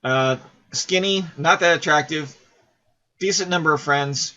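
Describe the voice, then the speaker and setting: A man in his forties hosts a casual game video, rambling and poking fun at himself as he works through questions. His voice is fairly high, bright and forceful, with a measured pace, though the recording sounds muffled.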